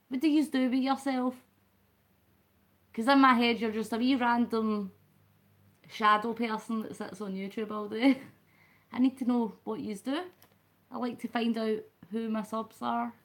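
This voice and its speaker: A Scottish woman chats her way through a late-night live stream, rambling happily from one thought to the next. She speaks straight to her viewers and calls them by name. Her voice sits a little high. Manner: rambling and chatty, talks to the chat by name. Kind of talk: casual live chat with viewers.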